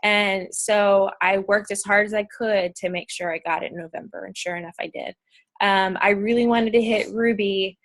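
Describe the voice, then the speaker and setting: A woman's voice: medium pitch, steady tone, moderate pace. A woman from Pennsylvania hosting a casual goal-setting video call, bubbly and chatty with many fillers.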